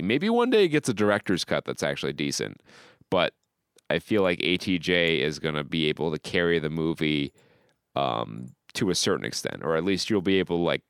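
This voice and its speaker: A man's voice: deep voice, smooth, no room sound, clean studio sound. A young man co-hosting a podcast, chatting casually about movies in a rambling way, often restarting sentences and laughing. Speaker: podcast co-host.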